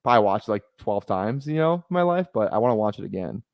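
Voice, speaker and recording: A man's voice: lowish voice, expressive, fast, no room sound, muffled recording. Rambling young man on a stream. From Minnesota. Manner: rambling, joking, many fillers and restarts. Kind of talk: casual live-stream chat while drafting.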